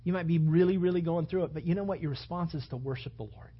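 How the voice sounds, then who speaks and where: Pastor guy preaching, husky voice, kinda high, muffled lo-fi recording. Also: quick pace. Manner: preaching with rising, emphatic bursts. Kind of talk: sermon. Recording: dull lo-fi sound.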